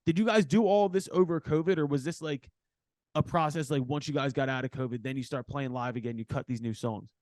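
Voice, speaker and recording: A man's voice: medium pitch, a little fast, darkish tone, no echo. A man from Philadelphia hosting a casual interview, talking loosely with lots of fillers and swearing. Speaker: podcast host. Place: backstage studio.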